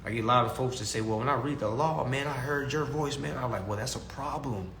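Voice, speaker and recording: Quick-paced and steady in tone, this young man's medium-pitched voice carries vocal fry and a fairly bright edge over slight background noise. He gives his followers a casual, preachy consumer-law lesson, repeating himself and calling them family, in an echoey room with faint ambience.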